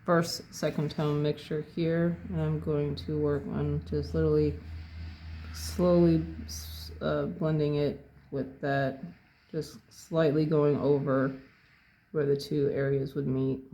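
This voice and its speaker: A painting instructor narrating a tutorial in an unhurried way, thinking aloud step by step as they work. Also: medium pitch, flat delivery, dark tone.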